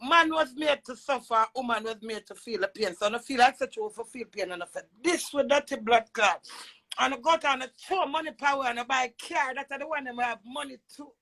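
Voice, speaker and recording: Jamaican woman, high-pitched, brash cursing rant, loud, shouts and mutters. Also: a little fast, poor audio. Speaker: social media personality.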